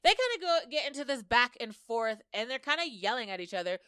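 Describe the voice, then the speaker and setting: A woman's voice: a little high, sing-song, a little fast, a bit bright, smooth, no echo, clean studio sound. A woman hosting a podcast, chatting casually as she retells a story and slips into quoted dialogue. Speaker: podcast host. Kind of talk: casual episode recap.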